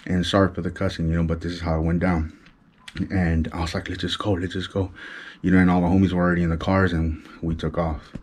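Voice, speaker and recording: Deep-voiced Chicano LA man telling street stories. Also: level tone, fast, darkish tone, a little hiss or hum. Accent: Chicano Los Angeles English. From Los Angeles. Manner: street slang, imitates gunshots with his mouth; keeps voice down so as not to wake his wife. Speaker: vlogger. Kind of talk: casual storytelling.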